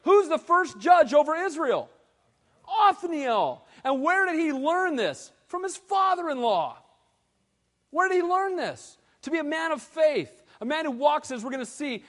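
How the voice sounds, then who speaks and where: A man preaching a sermon as pastor, animated and swinging between loud exclamations and hushed, earnest pleas. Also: extremely high pitch. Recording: long hall reverb.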